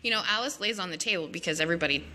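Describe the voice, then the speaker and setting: A woman's voice: lowish voice, racing, bright, forceful tone, slight background noise. A woman narrating a silly story over her drawings in an offhand, goofy, chatty way.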